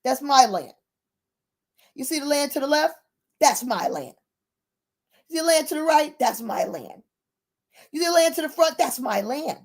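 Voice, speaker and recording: A woman voicing a calm, shrewd older male farmer who talks in an unhurried, matter-of-fact way. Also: high voice.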